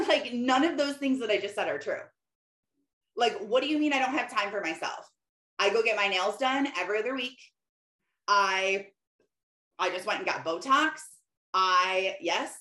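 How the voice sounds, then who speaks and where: A middle-aged woman talking casually about faith, rambling and chatty with lots of "like" and quick laughs. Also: mid-range voice, bright, forceful tone. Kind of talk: casual faith-based monologue. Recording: roomy echoey room.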